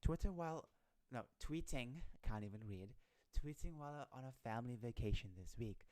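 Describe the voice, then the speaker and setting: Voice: medium pitch, animated, moderate pace, darkish tone. Rambling streamer reading articles aloud. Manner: rambling, stumbling over words, frequent laughter. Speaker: live streamer. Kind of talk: casual livestream reading satire articles.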